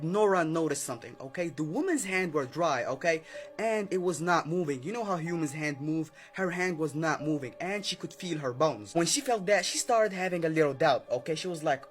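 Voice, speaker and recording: A man's voice: on the high side, expressive, fairly quick, soft background music. A man telling a creepy story casually, often adding "okay?" and playing out every character's lines himself. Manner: chatty, keeps adding "okay?" and acting out the dialogue.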